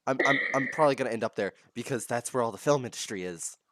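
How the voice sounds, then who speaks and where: A man's voice: mid-range voice, fast, a bit bright, no echo, clean studio sound. A young man from Texas, co-hosting a casual podcast chat in a rambling, jokey, self-interrupting way. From Texas, USA. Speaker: podcast co-host.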